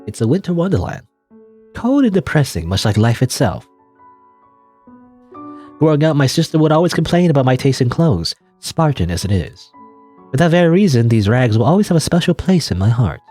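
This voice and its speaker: A man's voice: medium pitch, very animated, fairly quick, mellow, soft background music. A man voicing a bitter, reclusive old heiress woman in a video game, with a dry, sardonic grumble.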